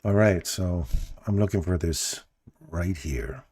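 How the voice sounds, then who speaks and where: A man's voice: deep voice, slow, breathy edge. A man hosting a live trading stream in his groggy morning voice, musing and chatting casually with viewers as he reads the charts. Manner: relaxed, musing, chats to viewers.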